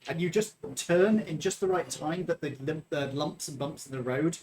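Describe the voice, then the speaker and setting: A man's voice: fairly high pitch, normal speed, a little mellow, a little hiss or hum. A man narrating as game master of a live-streamed tabletop game, explaining rolls and describing actions.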